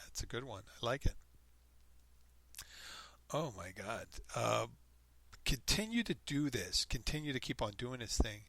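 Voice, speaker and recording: A man hosts a solo podcast and reads a story aloud with animated, mocking quoted voices. His tone is bright and clear. The sound is close and dry, with no room echo. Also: mid-range voice, a little slow, long pauses. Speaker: podcast host.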